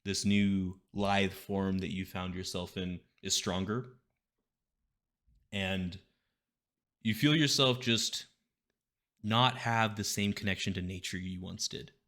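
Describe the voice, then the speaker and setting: A man narrating a tabletop game as game master, describing scenes slowly with many fillers. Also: sits low, steady tone, fairly bright tone.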